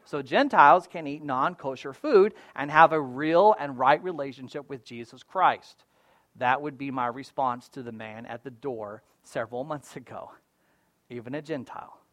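A male pastor preaches a casual, conversational sermon, often checking in with "right?" and shifting from loud emphasis to quiet asides. His voice is mid-range at normal speed, with no echo.

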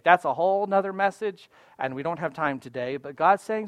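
A pastor preaching a sermon, reading scripture aloud and commenting on it, swinging between loud emphatic rises and soft asides. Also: medium pitch, expressive, moderate pace, no room sound.

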